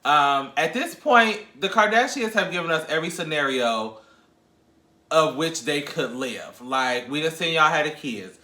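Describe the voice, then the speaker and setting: A sassy, gossipy man hosting a pop-culture podcast, talking in a bright, forceful voice pitched a little high. He rambles, laughs and teases as he counts down the stories. The room around him is echoey. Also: lively intonation, a little slow. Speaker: podcast host. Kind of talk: casual pop-culture commentary.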